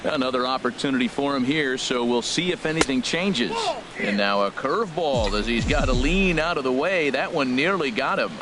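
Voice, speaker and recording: A man doing play-by-play commentary for a baseball game, with a brisk, measured call that rises on big plays. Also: medium pitch. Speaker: play-by-play announcer. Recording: broadcast over loud crowd and stadium noise.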